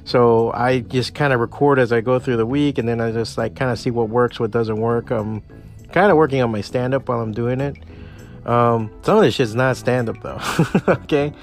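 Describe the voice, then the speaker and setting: A man with a gravelly, fry-laden voice at a middle pitch hosts a solo podcast. He rambles casually, swears freely and restarts his sentences often. Faint music plays behind him. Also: fairly even intonation, moderate pace. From part Cuban family. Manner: rambling, profane, with many restarts. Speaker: podcast host.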